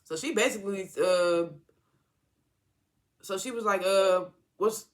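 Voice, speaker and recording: A TV episode reviewer in a casual recap, rambling and halting with lots of fillers and exasperated asides. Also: medium pitch.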